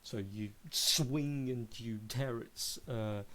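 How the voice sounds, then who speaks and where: A man running a tabletop game in a playful way, his voice sitting at an ordinary middle pitch. He hums and murmurs to himself while checking rules, then narrates the action for the players. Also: slow, fairly bright tone. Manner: playful, hums filler sounds while looking things up. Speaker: game master. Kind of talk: narrating a tabletop game over a live stream.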